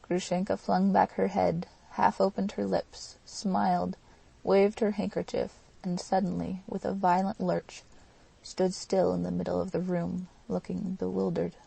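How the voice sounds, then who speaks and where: A woman narrating an audiobook in a steady, even reading. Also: lowish voice, unhurried, creaky, breathy edge. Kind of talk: scripted narration.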